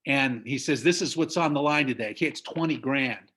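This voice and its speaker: A man's voice: mid-range voice, fairly quick, fairly bright tone, husky. A middle-aged man from the United States giving an emphatic motivational business talk over a video call. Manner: emphatic, preachy, laughs at own stories. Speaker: business trainer.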